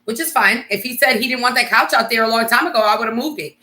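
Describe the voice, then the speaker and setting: A woman's voice: fairly high pitch, quick pace, pushed and bright. A woman chiming in on a shared story in casual talk. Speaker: co-host, partner. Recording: echoey room.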